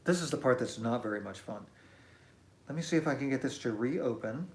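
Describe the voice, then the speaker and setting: A man's voice: mid-range voice, lively intonation, fairly quick. Male streamer reading comments aloud, casual, joking at his own expense, echoey room. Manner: warm, chatty, self-deprecating. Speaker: musician hosting a live stream.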